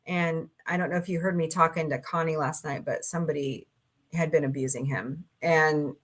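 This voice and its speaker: A middle-aged woman livestreams casual chat, going through viewer comments and drifting into stories with light swearing. Her voice is deep, with fairly even intonation and a moderate pace.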